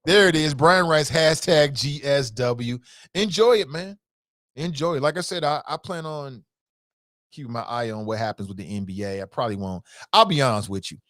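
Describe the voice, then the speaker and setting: A man's voice: medium pitch, normal speed, no echo. Guy hosting a call-in show, reads comments and reacts big, repeats stuff for emphasis, dry close sound. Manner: animated, emphatic, rises sharply when incredulous; conversational, repeats himself for emphasis. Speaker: talk show host reading listener comments.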